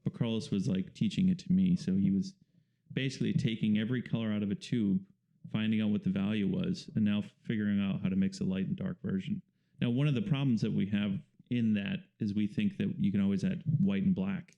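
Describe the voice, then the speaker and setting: A man, a painter and the guest, talking casually in an interview and explaining things in a relaxed, rambling way with fillers. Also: lowish voice, fairly quick, gravelly, muffled recording.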